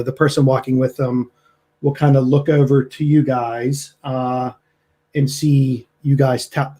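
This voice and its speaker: A man narrating a tabletop game as game master. His voice is mellow and warm-toned. He talks at an easy pace with plenty of ums. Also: medium pitch. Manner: relaxed, with many fillers.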